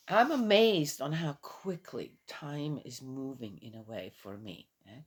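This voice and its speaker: A woman in her fifties talks through a casual morning vlog, still a little tired. Her voice sits low and she takes her time, rambling from one thought to the next and chuckling often. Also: expressive, measured pace, few pauses, breathy edge. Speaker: vlogger.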